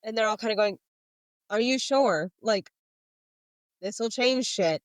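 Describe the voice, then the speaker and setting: A woman's voice: on the high side, slow, dry recording. A woman co-hosting a casual book podcast, chatting and retelling scenes with quoted lines read aloud. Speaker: podcast co-host.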